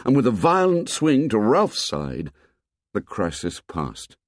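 A man narrating an audiobook with expressive storytelling. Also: on the low side, slow, no echo, clean studio sound. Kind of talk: scripted narration.

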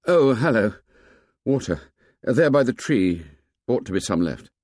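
A weary, frustrated boy leader, as a male narrator puts him on with a lifted, youthful pitch. He complains and reasons in an exasperated way, with a lively, rising and falling delivery. The sound is dry and close. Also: a little slow, no echo. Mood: casual.

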